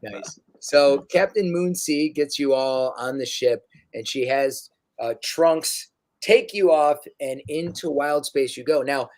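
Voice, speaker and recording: Relaxed young man running a tabletop game. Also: on the high side. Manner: relaxed, halting with fillers. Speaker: dungeon master.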